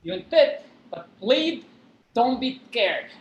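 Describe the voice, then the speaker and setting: A woman's voice: on the high side, very animated, slow pace, reverberant, highs cut off. A woman voicing a limping, lisping masked man who urgently pleads and whispers, in a live play reading over a video call. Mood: wistful. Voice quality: lisp.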